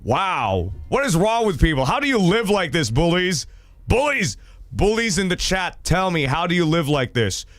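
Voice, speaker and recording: A young man with a fairly high voice chats through a casual stream, animated and swearing freely as he rambles along. His voice sounds close and dry, with faint music playing behind him. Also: normal speed, few pauses, dry recording. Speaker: streamer reading viewer stories. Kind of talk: casual livestream chat.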